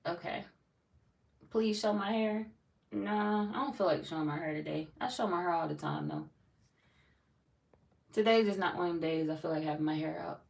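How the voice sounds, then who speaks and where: A woman with a gravelly, fairly low voice chats casually on a late-night livestream. She reads viewer comments aloud in a loose, playful way, from a little way off the mic. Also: normal speed, long pauses, a little mellow, distant mic. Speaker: tarot reader greeting live chat.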